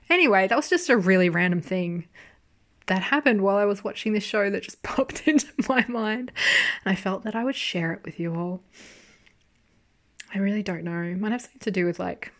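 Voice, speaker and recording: Chatty woman reviewer, casual recap, loose and animated, swears freely. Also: mid-range voice. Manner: chatty, animated storytelling with frequent swearing and laughs. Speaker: drama reviewer. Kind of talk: casual chat.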